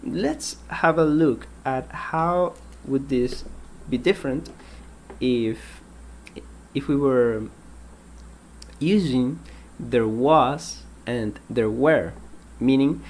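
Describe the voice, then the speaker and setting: A man teaching an English grammar lesson, patient and explanatory, repeating example sentences and pausing with ums. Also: medium pitch, a little hiss or hum.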